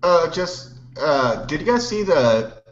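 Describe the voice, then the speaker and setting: A man's voice: a little high, sing-song, takes it slowly, echoey room, over a noisy crowd. Guy reading news bits on a webcast, laughs easy, muffled sound. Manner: laughing, reads headlines. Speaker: panel regular. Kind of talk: casual panel chat. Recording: dull lo-fi stream audio.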